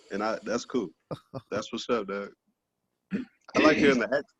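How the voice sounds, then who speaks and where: A man's voice: fairly low pitch, moderate pace, pauses often, a bit bright, slightly rough, no room sound, lo-fi sound. A man doing a loose, profane stand-up set over a video call, laughing at his own jokes. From Texas, USA. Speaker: stand-up comedian.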